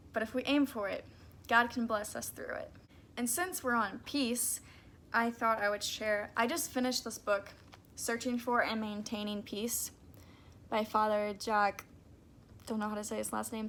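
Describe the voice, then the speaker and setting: A young woman with a slightly high voice talks to camera in an earnest, rambling way, full of "like" and quick restarts. A faint hum of ambience sits under her voice. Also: fairly bright tone. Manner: chatty, lots of "like" and restarts, earnest. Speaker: faith vlogger. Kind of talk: casual spoken reflection to camera.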